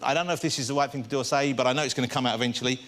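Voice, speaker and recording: A man's voice: medium pitch, steady tone, racing, a bit bright. A man hosting a talk show, asking his guest teasing, probing questions. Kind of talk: chat show interview. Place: TV studio.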